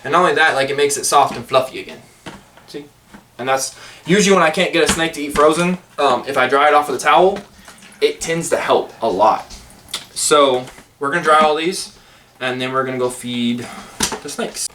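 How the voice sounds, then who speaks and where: Casual vlogger, man, rambling and jokey, fairly high bright voice, off-mic with faint hiss. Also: moderate pace, distant mic. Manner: rambling, chatty, jokey asides. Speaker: pet snake vlogger. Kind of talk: casual how-to vlog.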